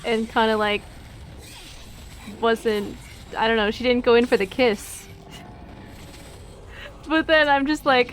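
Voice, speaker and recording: A woman's voice: on the high side, steady tone, unhurried, pauses often, a bit bright. A young woman streamer chatting casually over gameplay, giggly and self-deprecating.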